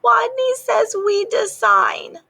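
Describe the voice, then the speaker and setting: Woman doing a squeaky little rat boy who can't say his r's. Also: fairly even intonation, vocal fry, bright, forceful tone, exaggerated voice. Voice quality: cannot say his r's, uses w instead. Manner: squeaky, slow and careful. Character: timid little male rat schoolboy.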